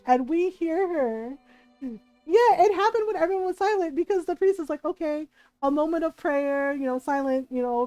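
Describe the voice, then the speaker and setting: A high-voiced woman streamer tells a story in casual chat, cursing freely and checking in with "right?" after each beat. The sound is dry and close, with faint music behind her. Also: darkish tone, dry recording, rough recording. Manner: swears freely, tags lines with "right?".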